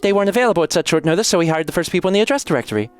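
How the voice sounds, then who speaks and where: A man's voice: sits high, lively intonation, racing, smooth, voice pushed up. A man voicing a young noble cat girl who is sweet, chatty and naive, talking in a bubbly, breathless way.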